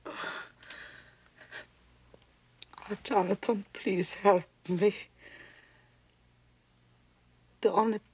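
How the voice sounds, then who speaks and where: An actress playing a frail, dying elderly mother, speaking softly and breathily, often in a whisper. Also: mid-range voice, husky, no echo. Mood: pleading. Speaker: dying mother reunited with son. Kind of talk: 1980s TV drama acting. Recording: TV soundtrack with music.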